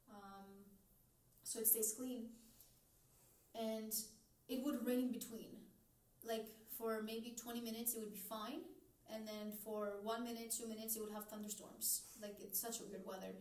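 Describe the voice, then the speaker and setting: A woman's voice: fairly high pitch, darkish tone, far from the mic. A woman in her twenties, co-hosting a podcast in casual, rambling chat full of "like". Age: 20s. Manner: rambling, heavy use of "like". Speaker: podcast co-host. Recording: faint, echoey, mic off.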